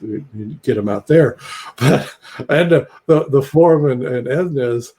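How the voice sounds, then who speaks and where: A man's voice: mid-range voice, a little slow, warm tone, breathy edge. An older man telling stories on a video call, rambling along with fillers and chuckles. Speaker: psychologist guest. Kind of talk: casual video call talk.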